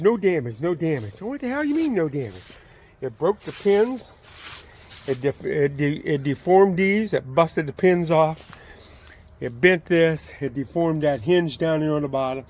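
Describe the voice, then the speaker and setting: A man with a fairly high voice tells a story outdoors in a loose, casual way. He rambles and fills his sentences with "uh" and restarts. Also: a little mellow, slight background noise. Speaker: channel host telling a story. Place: outdoors beside his trailer.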